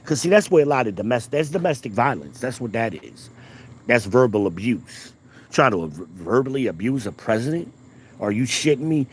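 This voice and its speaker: A man, a father of two daughters, delivering a casual, heated rant, emphatic and repetitive, often rising in pitch. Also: sing-song, brisk, breathy edge. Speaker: commentator.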